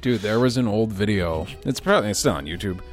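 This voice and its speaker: Laughing podcast host, low voice. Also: male voice, lively intonation, fast talker, soft background music. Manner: laughing, swearing, acting out quotes. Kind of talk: casual podcast chat.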